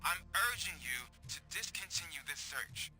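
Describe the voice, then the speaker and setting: A man's voice: a little high, animated, normal speed, bright, forceful tone, faint music behind. An actor playing a cautious male police partner who speaks earnestly and persuasively. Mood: urging.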